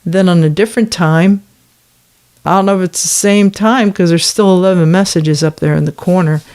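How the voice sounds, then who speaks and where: A woman's voice: fairly low pitch, normal speed, darkish tone. A woman giving reaction commentary, reading out messages and adding sarcastic, indignant asides and rhetorical questions to her listeners. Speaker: commentator on a former church.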